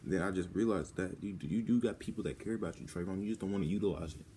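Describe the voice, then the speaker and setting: A teenage boy with a low, dark voice talks through a personal vlog, halting and rambling, full of restarts. He sounds close to tears. Faint background noise sits under his voice. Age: teens. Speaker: vlogger.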